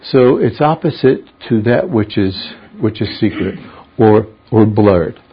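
Husky, slow-talking male Bible teacher. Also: lowish voice, expressive. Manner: explains word meanings, poses questions to the class. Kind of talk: verse-by-verse Bible study teaching. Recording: dull lo-fi recording.

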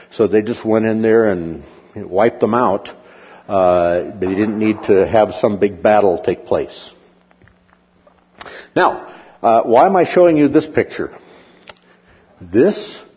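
A man giving a slide lecture on history, rambling with many pauses and fillers and asking and answering his own questions. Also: lowish voice, husky, in a large hall, lo-fi sound.

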